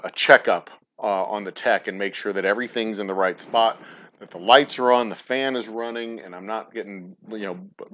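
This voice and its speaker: Male host, low voice, loose profane rambling chat, muffled livestream audio. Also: a bit bright, slight background noise. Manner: rambling, profane, stumbles and restarts often. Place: room in his distillery. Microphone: plugged-in mic at the desk.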